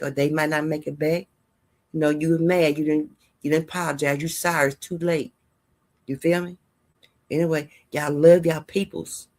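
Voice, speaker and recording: Low-voiced woman vlogger chatting to viewers. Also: darkish tone. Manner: chatty, rambling, addresses viewers as y'all; heartfelt and preachy, giving life advice. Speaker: host of a gossip and news channel. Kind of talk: casual vlog monologue.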